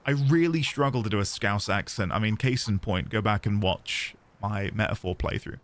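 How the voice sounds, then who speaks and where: A man's voice: lowish voice, moderate pace. A man chatting casually on a live game stream, rambling and self-deprecating.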